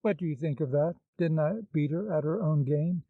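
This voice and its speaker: A man's voice: fairly high pitch, normal speed, no echo, lightly acted. A man reading the part of a bold, impertinent young woman with a glib, mocking manner, in a dull, dry recording. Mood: playful mocking.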